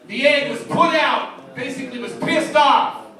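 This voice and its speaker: A man's voice: very high voice, unhurried, gravelly, pushed and bright. A man doing live stand-up comedy, reeling off old-school jokes one after another with a repeated tag line. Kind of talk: live stand-up joke telling. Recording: very echoey room, voice from far off.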